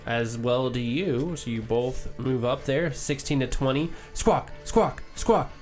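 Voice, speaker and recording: A man narrating as game master, relaxed and loose with lots of fillers. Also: medium pitch, unhurried. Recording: faint background music.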